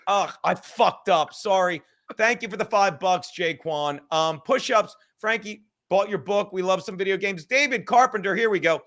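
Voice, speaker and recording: Male stream host, high bright voice, profane and rambling. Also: normal speed. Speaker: livestream host. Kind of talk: livestream chat.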